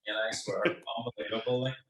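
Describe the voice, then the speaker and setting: A man with a Northern Irish accent telling a lively anecdote in casual chat, acting out what people said. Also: mid-range voice, fairly quick. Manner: animated anecdote, acts out quoted voices. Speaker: guest, football manager. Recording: very echoey room.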